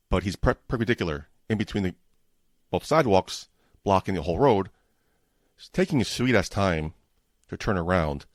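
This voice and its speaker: A man's voice: low-pitched, no echo, clean studio sound. A man hosting his own podcast, telling a frustrated, profane story about his bad week in a casual monologue. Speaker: podcast host.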